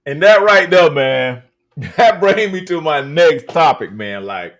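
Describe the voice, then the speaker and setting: A man's voice: fairly high pitch, expressive, slow pace, fairly bright tone. A man hosting a live stream, talking emphatically and drawing out his words with many hesitations. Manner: emphatic, drawn out, many uh fillers. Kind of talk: casual live-stream talk.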